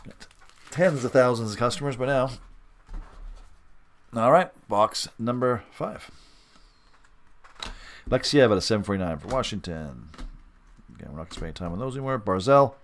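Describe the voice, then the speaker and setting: A middle-aged man from Western Canada, casually commenting as host of a live sports card break and reading out each card with quick upbeat reactions. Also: on the low side, lively intonation, vocal fry, slight background noise. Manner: chatty, rambling, reads out cards with quick upbeat reactions.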